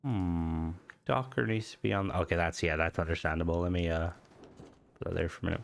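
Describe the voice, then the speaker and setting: A gaming video host with a deep voice, vocal fry, and fairly even intonation talks briskly through casual gameplay commentary. Hay fever leaves him sounding nasal and stuffy as he rambles, thinking aloud and restarting his sentences.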